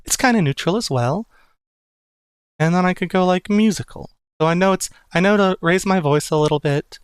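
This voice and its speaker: Man doing a bright young tavern barmaid for a tabletop game, voice pushed well up, musical and lilting. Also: normal speed, clear, resonant tone, no echo, lightly acted. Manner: sing-song, rising and falling pitch. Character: cheerful young barmaid woman with a sing-song lilt.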